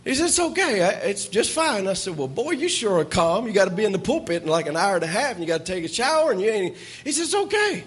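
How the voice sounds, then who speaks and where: High, husky preacher man. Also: fast talker, few pauses. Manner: folksy, animated, rising to shouts. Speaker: pastor. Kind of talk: sermon storytelling.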